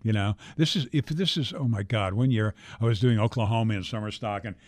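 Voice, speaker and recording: A man's voice: lowish voice, fairly quick, dry recording. An older man, a guest actor, telling stories in a casual interview, talking animatedly, repeating words and swearing freely.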